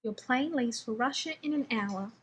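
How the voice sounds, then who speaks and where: Woman reading as an older general, formal, official, breathy. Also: a little high, moderate pace, poor audio.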